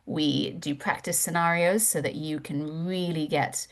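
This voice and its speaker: A woman presenting a webinar as a course instructor, candid and animated, swearing casually. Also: low-pitched, unhurried.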